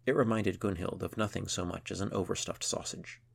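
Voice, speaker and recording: A man narrating a children's adventure story in a measured storytelling manner. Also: deep voice, fairly even intonation, vocal fry, husky. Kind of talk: scripted narration.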